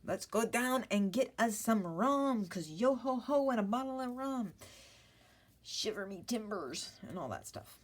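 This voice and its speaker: Woman doing a rowdy pirate, loud and growly. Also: fairly high pitch, animated, a little slow, voice pushed up. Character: hearty female pirate, rowdy.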